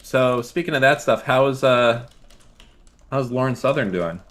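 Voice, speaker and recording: A man's voice: mid-range voice, expressive, a little slow, a bit bright. A man co-hosting a casual stream chat, talking in a sardonic, profane, joking way. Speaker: stream co-host.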